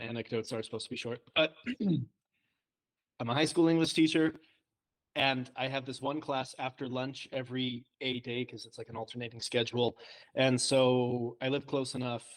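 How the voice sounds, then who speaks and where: A man, a high school English teacher, chatting casually and telling self-deprecating stories with frequent laughs. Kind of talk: casual chat.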